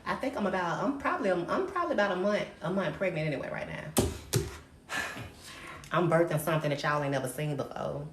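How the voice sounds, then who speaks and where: A woman's voice: fairly low pitch, lively intonation, quick pace. A woman hosting her own livestream, delivering a brash, profane, sassy rant to viewers and calling everyone darling. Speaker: livestream host. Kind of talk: live-stream rant to viewers. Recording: roomy echo, faint noise.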